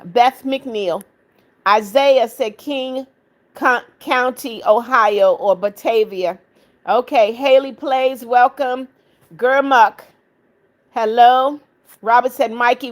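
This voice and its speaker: A middle-aged woman hosting a livestream, reading viewer comments aloud, warm to kind viewers and firm with rude ones. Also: fairly high pitch. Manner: firm, scolding rude commenters, affectionate to others. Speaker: livestream host reading chat. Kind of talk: casual live chat.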